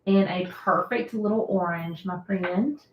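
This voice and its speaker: A woman's voice: fairly low pitch, unhurried, highs cut off, a little hiss or hum. A woman hosting a casual live stream, chatting and laughing often as she answers viewer comments. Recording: roomy echo.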